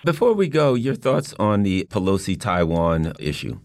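Lively-voiced male radio host. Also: low-pitched, normal speed, no room sound. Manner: chatty, agreeing, bouncy delivery. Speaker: radio talk show host. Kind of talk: casual radio talk.

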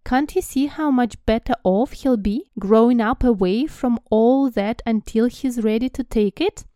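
A calm old wizard headmaster speaking in a firm, measured way, as a woman voices him. The voice is mellow and dry. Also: a little high, no echo, lightly acted.

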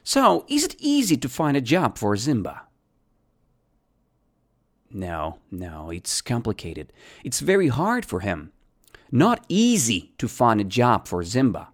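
English teacher, lesson, asks and answers own questions, repeats words, animated pitch, unhurried.

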